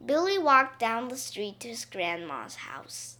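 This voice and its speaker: A woman reading a children's story aloud, slowly and expressively. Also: on the high side. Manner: slow, expressive read-aloud.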